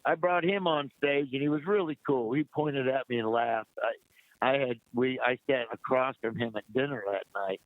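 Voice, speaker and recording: A man's voice: mid-range voice, moderate pace, no room sound. A man guest on an interview show, animatedly telling backstage anecdotes and acting out what people said. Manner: lively anecdote teller who acts out quotes. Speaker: guest comedian. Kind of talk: casual interview storytelling. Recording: dry, tinny phone-like line.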